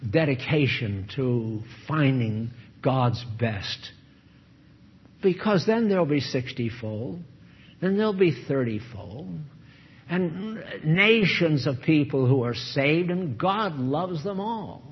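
A man's voice: a little high, husky. An older man, a pastor, preaching a sermon full of rhetorical questions and repeated lines. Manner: rhetorical questions, repetitive emphasis. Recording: dull lo-fi recording.

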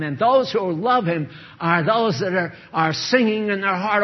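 A man's voice: high voice, expressive, a little slow. Older man preaching with repeated questions. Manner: rhetorical questions, repetitive emphasis. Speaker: pastor. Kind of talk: sermon. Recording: dull lo-fi recording.

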